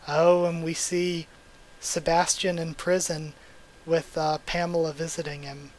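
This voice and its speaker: A young man hosting a live reaction video, reading text aloud and breaking in with excited exclamations. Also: fairly high pitch, a little slow, a little hiss or hum. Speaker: YouTube reaction host.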